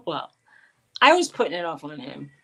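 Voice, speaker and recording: A woman's voice: deep voice, very animated, measured pace, creaky, pushed and bright, low-quality recording. Chatty woman co-hosting a live chat. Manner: chatty storyteller, quotes people in her stories. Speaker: co-host. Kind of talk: casual live-stream chat.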